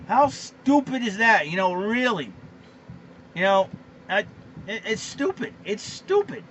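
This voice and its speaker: A man ranting in a casual monologue, animated and exasperated, full of fillers and restarts. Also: high voice, unhurried, pauses often. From Boston area. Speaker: vlogger. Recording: slightly muffled lo-fi recording with faint background noise.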